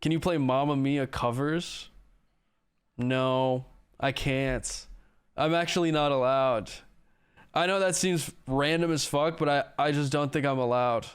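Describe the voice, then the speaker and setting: Slow, clear-voiced joking male streamer. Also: medium pitch. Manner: joking, profane, self-mocking. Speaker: livestreamer. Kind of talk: casual livestream chat answering viewers.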